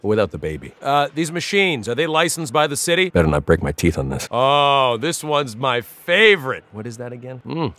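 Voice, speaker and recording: An actor playing a foul-mouthed, hard-drinking middle-aged noir cop, gruff and swaggering in game voice lines. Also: male voice, mid-range voice, big pitch swings, moderate pace, hardly any pauses, fairly bright tone, dry recording. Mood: wisecracking. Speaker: game character.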